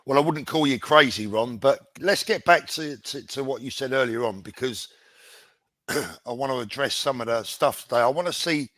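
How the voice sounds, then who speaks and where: A man as a livestream guest, speaking in a measured, direct way. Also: mid-range voice, fairly bright tone, dry recording. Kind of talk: casual livestream chat.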